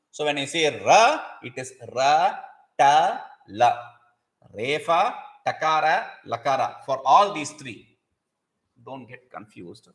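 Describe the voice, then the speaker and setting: A man teaching a grammar lesson, patiently explaining and repeating terms and asking rhetorical questions. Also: on the high side. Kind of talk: explanatory lecture.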